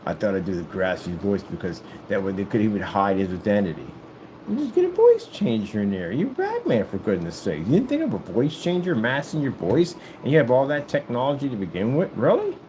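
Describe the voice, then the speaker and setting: A man rambling casually to the camera as he works, animated and joking, often jumping into a high falsetto. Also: a little fast, a little hiss or hum, rough recording. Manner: animated, jumps into high falsetto sing-song and joking voices. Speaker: vlogger. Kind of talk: casual rambling monologue while working.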